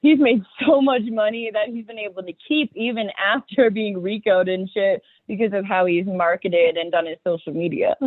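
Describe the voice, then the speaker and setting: A young woman rapper chatting casually as a podcast guest, excitable and profane, laughing often. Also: mid-range voice, moderate pace, few pauses, dry recording. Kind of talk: casual chat. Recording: dry tinny phone-like audio.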